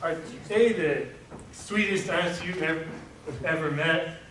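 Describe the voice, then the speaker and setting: Young man in the part of a chipper nephew, high-ish voice, hissy stage recording from far back. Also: slow. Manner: eager, reassuring. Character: cheerful, devoted young nephew. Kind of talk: amateur stage play. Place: stage in a hall. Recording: echoey hall from far off, hiss.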